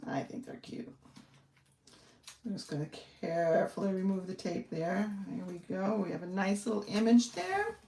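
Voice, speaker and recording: Slow gravelly lady doing a live craft demo, kinda far off in an echoey room. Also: medium pitch, animated, mellow, slight background noise. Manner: friendly, rambling, thinks aloud while working. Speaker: card-making instructor hosting a live stream. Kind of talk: chatty live craft demonstration. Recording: echoey room, voice set back from the mic.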